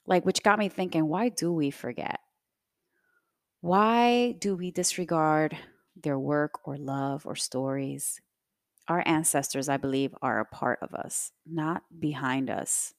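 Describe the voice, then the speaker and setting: A woman's voice: low voice, measured pace, no room sound, studio quality. A young adult woman hosting a podcast, telling a personal story in a reflective, conversational way with many fillers. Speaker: podcast host.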